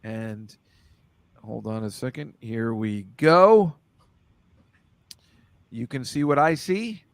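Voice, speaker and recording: A man's voice: medium pitch, slow pace, no room sound. A man hosting a casual football picks chat over a video call, rambling loosely and laughing often. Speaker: host.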